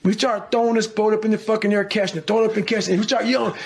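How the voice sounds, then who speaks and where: A man's voice: high voice, fairly even intonation, very fast, vocal fry, a little mellow, husky. A middle-aged man telling a story as a podcast guest, intense, blunt and full of profanity. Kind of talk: casual storytelling in a podcast interview.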